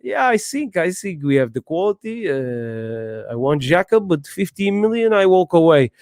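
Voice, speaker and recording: A man putting on a put-on Portuguese accent to play a smug, trolling middle-aged football manager, halting and full of hesitations. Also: on the high side, sing-song, a little mellow, no echo, clean studio sound. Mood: smug, taunting.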